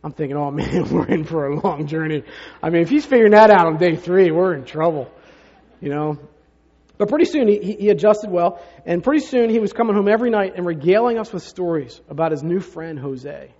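Telling stories in a conversational style with rhetorical asides to the congregation, this pastor speaks in a high voice that is fairly quick and darkish in tone. The audio is dull and lo-fi, echoing in a reverberant hall.

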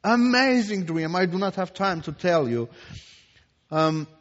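A man from Iran, giving his testimony as a Christian teacher. He talks emphatically and repeats words for stress, moving between hushed and loud. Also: high-pitched, expressive, a little slow. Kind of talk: preached testimony. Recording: echoey hall, dull lo-fi sound.

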